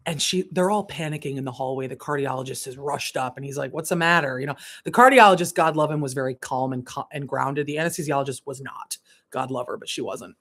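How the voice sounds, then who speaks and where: Telling a personal story during a casual livestream, a female spiritual coach speaks in a bass voice. She's lively, swearing and laughing throughout.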